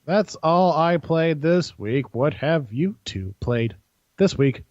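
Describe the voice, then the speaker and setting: A man's voice: on the high side, lively intonation, takes it slowly, darkish tone, no room sound, dull audio. Guy rambling about games on a podcast, chuckles a lot, dry close mic. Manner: rambling, laughs often, acts out quotes. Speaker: podcast host. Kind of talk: casual gaming chat.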